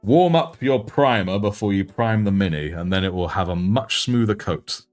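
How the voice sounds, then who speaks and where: A young British man with a deep voice, chatting in a relaxed, self-mocking way while he hosts a livestream. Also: moderate pace, soft background music. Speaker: livestream host and miniature painter. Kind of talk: casual livestream chat.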